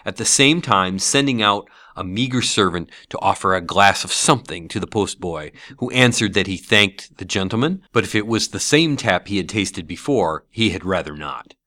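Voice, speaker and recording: A man reading a classic novel aloud as an audiobook, with expressive storytelling. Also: sits low, normal speed, few pauses, no echo, studio quality. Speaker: narrator.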